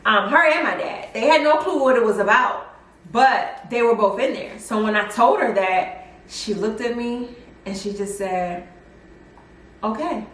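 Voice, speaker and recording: A young woman telling a personal story in a casual vlog, chatty and animated with lots of fillers. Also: fairly high pitch, moderate pace. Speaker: vlogger. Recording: roomy echo, mic at a distance.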